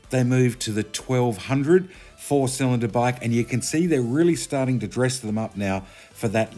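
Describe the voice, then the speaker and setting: A man's voice: medium pitch, darkish tone. A man, chatting casually as he narrates a motorcycle review video. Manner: chatty, conversational, self-correcting.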